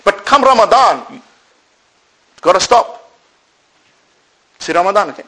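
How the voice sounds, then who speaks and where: High-voiced man preaching to a crowd. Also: measured pace, low-quality recording. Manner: rhetorical questions, answered himself; animated, swings between loud and soft. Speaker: Islamic preacher. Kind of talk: sermon to a live audience.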